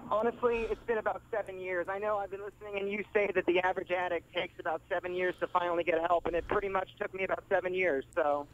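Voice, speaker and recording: A man's voice: high-pitched, fairly even intonation, quick pace, few pauses, muffled recording. A man in his twenties calling in to a radio show, eager, grateful and upbeat. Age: 20s. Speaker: caller. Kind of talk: phone-in call.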